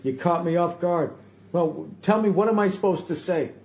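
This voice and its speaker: A man's voice: high-pitched, moderate pace, darkish tone. A man hosting a casual podcast chat, teasing and blunt, swearing freely, with a Boston accent. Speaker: podcast host. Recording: echoey room, faint background noise.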